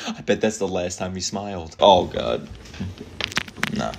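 A man's voice: low voice, expressive, a little slow, creaky, long pauses, slight background noise. A man reacting to an anime episode, talking back to the screen, swearing and getting emotional.

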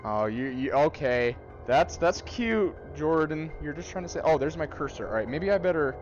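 A young man narrates his own fright as he plays, talking to himself and yelping when startled. His voice swoops up and down in a lively way, and it sits a touch high for a man. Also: normal speed, dull audio, faint music behind. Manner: jumpy, exclaiming, nervous laughs, talks to himself. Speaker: friend trying a VR game. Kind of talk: live reactions while playing a horror game. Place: friend's home.

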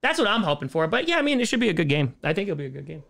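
A man in his thirties chats casually on a home live stream, reading viewer comments aloud and riffing on them with sarcastic jokes. His voice sits a little high for a man. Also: sing-song, racing, vocal fry, fairly bright tone. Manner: jokey, sarcastic, reads chat aloud and riffs on it.

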